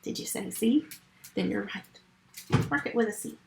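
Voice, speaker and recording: A woman's voice: medium pitch, vocal fry, reverberant, background noise. A woman teaching a first grade phonics lesson remotely, patient and step by step. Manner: slow, patient, step-by-step teaching to young children.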